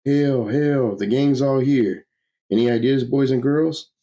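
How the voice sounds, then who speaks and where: A man's voice: medium pitch, measured pace, warm tone, voice pushed up, close to an everyday voice. A man voicing a brash, folksy male comic-book hero who cracks jokes while he works. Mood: joking. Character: brash wisecracking male hero made of elements.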